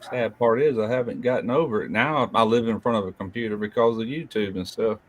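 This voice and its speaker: A man's voice: lowish voice, a little fast, lo-fi sound. An older man hosting a casual live chat, telling blunt, folksy stories about work and family. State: feeling unwell. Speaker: host.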